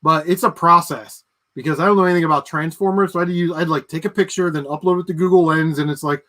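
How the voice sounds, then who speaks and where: A man's voice: high-pitched, quick pace, fairly bright tone. A man hosting a casual livestream, chatting with viewers and ranting with plenty of swearing and laughter. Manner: ranting, profane, laughs at his own jokes. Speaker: livestream host.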